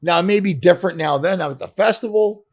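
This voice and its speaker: A middle-aged man from Canada, a comedian guest telling animated stories and acting out dialogue with swearing. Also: high-pitched, fast talker. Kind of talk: casual storytelling interview.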